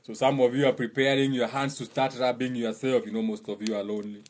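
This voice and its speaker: A young Kenyan man giving a mocking, joking monologue, laughing at his own lines and slipping into high mimicking voices. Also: level tone, quick pace, darkish tone. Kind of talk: humorous monologue.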